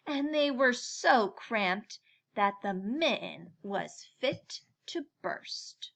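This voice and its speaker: A woman reading a children's picture book aloud in a slow, gentle storytelling manner. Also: on the high side, expressive, vocal fry.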